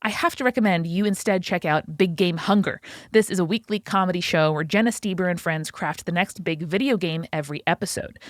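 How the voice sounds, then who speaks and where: A woman hosting a podcast, reading sponsor news and announcements in an excited, slightly breathless way. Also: fairly low pitch, no room sound, clean studio sound. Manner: excited, fast, a little out of breath. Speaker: podcast host. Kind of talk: upbeat sponsor and announcements read.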